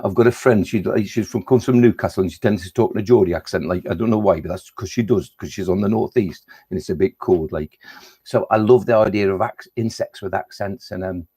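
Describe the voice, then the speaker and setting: A man's voice: lowish voice, warm tone, husky. A man with a Midlands accent, a children's poet, reading playful rhymes and chatting with schoolchildren on a live stream. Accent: Midlands English. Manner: playful rhyming recitation and chatty asides to children.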